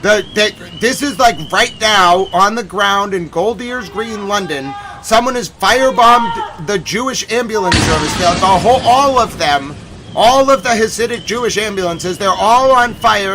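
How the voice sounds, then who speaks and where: A man hosting a live stream on breaking news, talking urgently and breaking into agitated, shouted outbursts. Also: sits high, animated, moderate pace, background noise. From United States. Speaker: livestream host covering breaking news.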